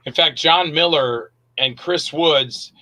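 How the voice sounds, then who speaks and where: A man, an actor and director, chatting as an interview guest and telling animated stories. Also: fairly high pitch, takes it slowly, low-quality recording. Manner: animated storyteller, acts out quotes. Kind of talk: casual interview chat.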